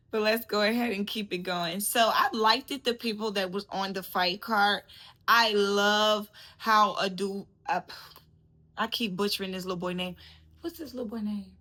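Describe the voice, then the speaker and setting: A woman's voice: mid-range voice, fairly even intonation, a little slow, bright, forceful tone. Chatty woman boxing vlogger. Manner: chatty, laughing, calls viewers baby. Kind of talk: casual chat to camera.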